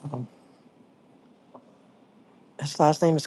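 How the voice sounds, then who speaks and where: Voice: mid-range voice, fairly even intonation, moderate pace, long pauses, a little mellow. Livestream host rambling along, keeps breaking off to say hi to viewers by name, just chatting casual. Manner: rambling, greets viewers by name mid-sentence.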